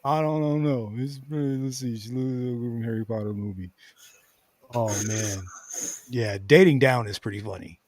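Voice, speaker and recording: Streamer type: man mid-pitch, laughs a lot, mutters asides, dry close sound. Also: moderate pace, darkish tone, no echo. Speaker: streamer reacting to clips. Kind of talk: casual reaction commentary.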